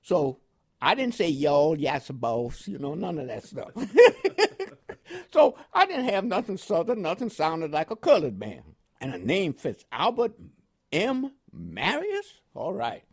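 Animated older man telling a story. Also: high-pitched, measured pace, slightly rough. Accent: New York with West Indian inflections. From Panama. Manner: animated storyteller with laughs and quoted dialogue. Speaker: interviewee, veteran. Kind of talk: oral history storytelling.

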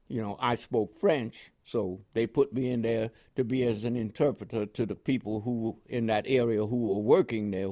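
A man's voice: mid-range voice, a little mellow. Old guy telling war stories, laughs a lot, kinda rambly, repeats himself. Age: older. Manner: rambling, chuckling storyteller with repeats. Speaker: war veteran interviewee. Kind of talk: oral history interview.

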